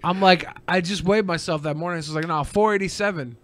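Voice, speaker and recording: A man's voice: on the high side, fast. A man co-hosting a podcast, telling a crude, profane story in a casual chat. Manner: profane, animated, mimics others' voices. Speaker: podcast co-host.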